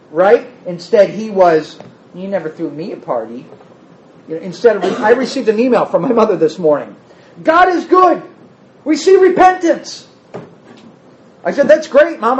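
A male preacher with a high, lively voice that swings up and down as he teaches. He reads scripture and chats with the people in front of him. The recording sounds a little dull and lo-fi. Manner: animated, talks with the congregation, reads scripture aloud. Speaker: pastor or Bible teacher. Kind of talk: conversational sermon.

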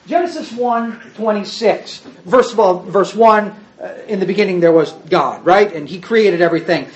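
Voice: medium pitch, moderate pace, highs cut off. A preacher giving a sermon with slides, speaking to the congregation in a folksy way and pointing at the pictures while explaining.

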